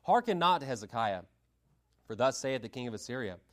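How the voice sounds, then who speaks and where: A man preaching a sermon, reading scripture aloud and stressing points with sharp rises in pitch and volume. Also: very animated, fairly quick. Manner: emphatic, dynamic pitch swings, reads scripture aloud.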